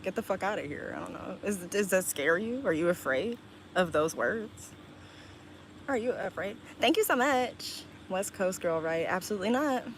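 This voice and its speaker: A young woman live-streaming, chatting casually with her viewers, reading their comments aloud and answering bluntly with a lot of swearing and quick laughs. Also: on the low side, a little hiss or hum, low-quality recording. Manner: blunt and profane, reading chat aloud and snapping back; quick laughs and sudden loud outbursts.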